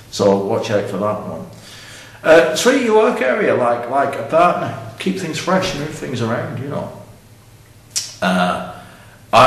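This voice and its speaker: A middle-aged man with a deep, low voice, rambling bluntly in a deadpan comic monologue. He sounds set back from the mic in a very echoey room, with faint ambient noise behind. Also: far from the mic.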